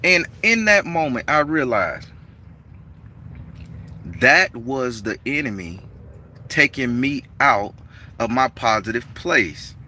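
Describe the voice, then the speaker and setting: Animated man telling a heated street story. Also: medium pitch, slow, pauses often, distant mic, slight background noise. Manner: animated street-talking storyteller, rising excited and heated as he retells. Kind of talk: casual storytelling vlog.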